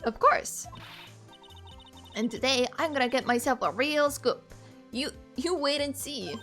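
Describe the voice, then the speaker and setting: Lady doing a loud folksy southern photographer girl, pushy, bit high. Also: expressive, a little slow, faint music behind. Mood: boastful. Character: brash young woman photographer with southern drawl.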